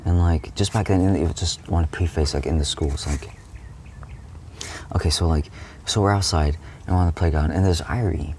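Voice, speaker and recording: This young streamer's deep, darkish voice moves at normal speed as he loosely narrates a dream, packed with "like," false starts, and frequent swearing. There's slight background noise.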